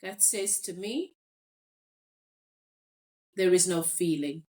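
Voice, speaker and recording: A South African woman hosts a podcast in a lowish, dark voice at a slow pace. In casual discussion she thinks things through and reads listener comments aloud.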